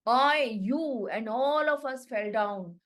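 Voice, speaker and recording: A woman, a literature teacher who reads a line of the play slowly and then restates it in plain words. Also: a little high. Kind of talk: reading and explaining a play.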